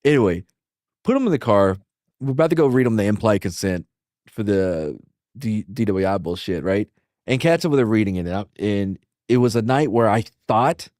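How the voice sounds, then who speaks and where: Profane man telling animated stories. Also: on the low side, normal speed, no room sound, clean studio sound. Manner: profane, animated anecdotes with acted quotes. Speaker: podcast host. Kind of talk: casual storytelling.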